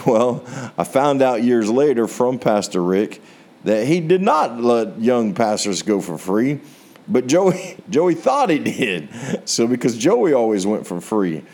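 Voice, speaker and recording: A man's voice: medium pitch, very animated, unhurried, a little mellow. An American man preaching a sermon, telling a personal testimony in an earnest storytelling way, his voice rising on rhetorical questions. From United States. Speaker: pastor.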